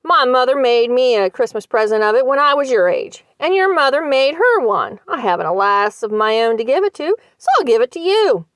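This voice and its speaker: Woman doing a sly old country woman, rustic dialect, chuckling, raised lively voice. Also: high voice, a little fast, hardly any pauses, dry recording, studio quality. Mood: confiding.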